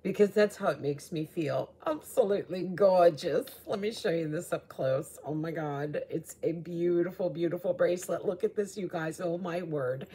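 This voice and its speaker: Woman, jewelry host, low-ish voice, husky, gushing, chatty. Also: normal speed, hardly any pauses, mellow. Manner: chatty and gushing, frequent fillers. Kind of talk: casual jewelry showcase talk.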